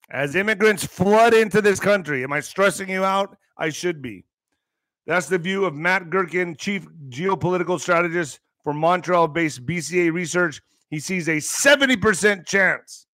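Middle-aged male podcast host with a slightly higher voice: sarcastic, emphatic rant, dry close sound. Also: a bit bright, no room sound. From US border region. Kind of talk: ranting commentary reading news.

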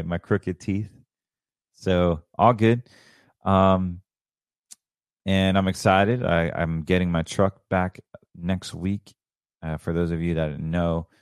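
A man's voice: low voice, darkish tone, clean tone, no room sound, studio quality. A middle-aged man hosting a podcast, talking in a rambling, enthusiastic way. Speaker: podcast host. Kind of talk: casual solo podcast monologue.

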